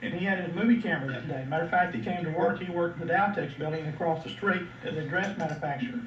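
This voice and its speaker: A man with a Texas accent speaks to a seated audience in a plain, measured way, pausing on "uh" now and then. His fairly high voice carries across a reverberant hall. The old recording picks him up from a distance, muffled, with a faint hiss beneath. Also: fairly bright tone. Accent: Texan. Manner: plain, measured, frequent "uh" fillers. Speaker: seminar speaker. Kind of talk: lecture to an audience. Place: lecture hall. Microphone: room microphone at a distance. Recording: dull, roomy old video recording from far off.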